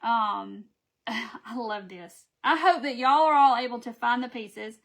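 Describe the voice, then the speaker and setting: High-voiced woman, chatty live-stream craft host, affectionate with viewers. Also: unhurried, vocal fry, fairly bright tone. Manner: chatty and affectionate, reads viewer names aloud. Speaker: craft seller hosting a live video. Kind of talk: casual live-stream chat.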